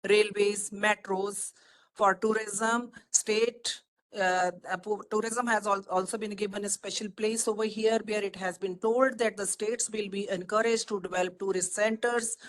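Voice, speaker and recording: A woman with an Indian English accent giving a formal webinar presentation over a video call, listing points in a measured way with frequent fillers. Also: mid-range voice, steady tone, rough recording. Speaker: webinar speaker, economist.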